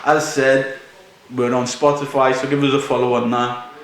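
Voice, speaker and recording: A man, hosting a podcast and telling a story in casual, animated chat, laughing as he goes. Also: mid-range voice, normal speed. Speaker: podcast host. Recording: echoey room.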